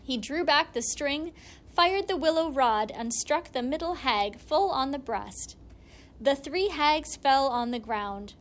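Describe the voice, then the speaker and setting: Woman reading a fairy tale aloud. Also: sits high. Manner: steady, measured narration. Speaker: reader.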